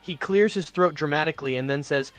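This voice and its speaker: A man's text-to-speech voice acting as an AI chatbot co-host, narrating its own actions in the third person with smooth, even delivery. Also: fairly high pitch, fairly quick, soft background music.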